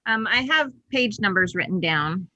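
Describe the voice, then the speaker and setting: A woman's voice: medium pitch, lively intonation, normal speed, bright, forceful tone, no echo, dull audio. A woman chairing an online meeting over a video call, explaining procedures step by step in casual talk.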